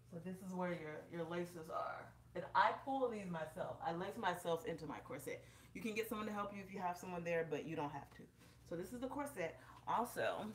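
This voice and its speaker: A somewhat low-pitched woman vlogging at home to a propped-up camera, chatty and direct with her viewers. She sounds a little out of breath as she talks. A faint hiss sits behind her voice. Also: echoey room. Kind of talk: casual vlog, demonstrating on camera. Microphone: camera propped up in front of her.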